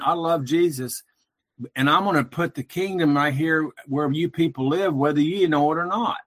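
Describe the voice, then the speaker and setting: A man calling in to a talk show, speaking earnestly and haltingly, often restarting his sentences. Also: a little high, fairly bright tone. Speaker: caller. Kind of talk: casual call-in chat.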